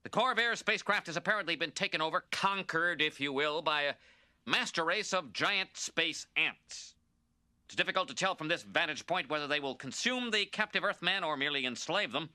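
A man's voice: a little high, expressive, brisk, sharp tone, dry recording. An actor playing a smarmy, self-serving middle-aged male TV news anchor in a cartoon broadcast, with a dramatic announcer delivery. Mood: grave, fawning.

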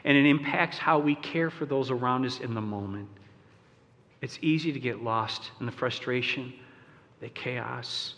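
A male pastor with a medium-pitched, slightly bright voice preaches a sermon in a loose, conversational style full of fillers and asides, and he leads his congregation in song. The recording is from a church sanctuary and carries a long reverb.

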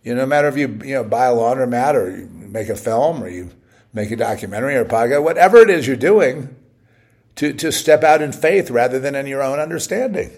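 A man's voice: medium pitch, animated, a little fast, gravelly, darkish tone. A man giving a short, blunt devotional message while short of breath and on oxygen as he recovers. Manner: blunt and plain-spoken, with rising bursts of exhortation.

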